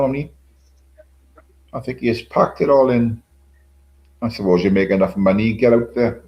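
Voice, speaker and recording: A man's voice: on the low side, moderate pace, long pauses, muffled recording. Man chatting on a livestream. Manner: rambling, swears often, chuckles between remarks. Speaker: livestream host. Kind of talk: casual chat reading live comments.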